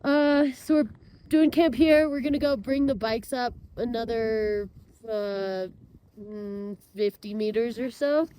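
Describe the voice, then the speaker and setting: Breathless, cold woman on a high peak. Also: takes it slowly, mellow, a little hiss or hum. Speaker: climber and filmmaker. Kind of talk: casual vlog chat. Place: outdoors on a windy high mountain.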